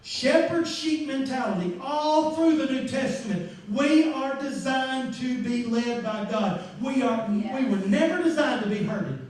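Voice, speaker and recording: Man, pastor, sermon, very high voice, animated storytelling, echoey church room, mic far off. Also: unhurried, hardly any pauses. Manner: lively storytelling, acts out voices, bursts into shouts. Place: church sanctuary.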